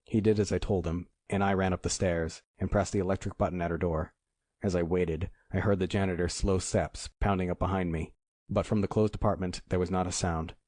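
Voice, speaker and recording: A man reading a first-person crime novel aloud in a measured, dramatic storytelling manner. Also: deep voice, fairly even intonation, a little mellow, no echo, studio quality. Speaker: audiobook narrator. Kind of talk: scripted first-person narration.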